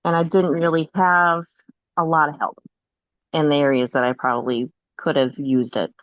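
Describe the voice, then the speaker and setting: Casting: lower-voiced woman, candid chatty storyteller, dull dry mic. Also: flat delivery, moderate pace, no echo. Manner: candid storytelling, laughs often. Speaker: podcast guest. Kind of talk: casual chat.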